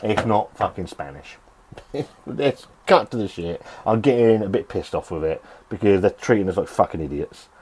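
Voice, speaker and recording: A man's voice: fairly low pitch, expressive, moderate pace, darkish tone, breathy edge. Brief: middle-aged male vlogger, sweary and rambling, voice swinging up and down. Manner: sweary, grumbling, rambling with restarts. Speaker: beer reviewer. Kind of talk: casual vlog review. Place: home shed.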